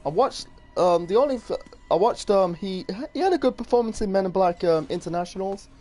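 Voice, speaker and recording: A man's voice: high voice, lively intonation, a little fast, darkish tone, faint music behind. A man doing casual gaming commentary, rambling and swearing while he reads his chat. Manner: rambling, swearing, many restarts. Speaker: gaming streamer.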